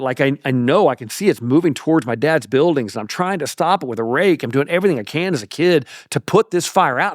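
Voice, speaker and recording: A middle-aged pastor telling a personal story in a folksy, animated way on a podcast. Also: male voice, mid-range voice, dry recording, studio quality. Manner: animated, folksy, laughs through anecdotes. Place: podcast studio.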